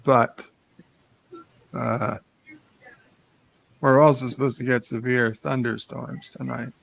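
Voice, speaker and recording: A tired, sleepy man chatting casually on a morning show, speaking haltingly with many pauses. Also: medium pitch, little pitch movement, vocal fry, a bit bright.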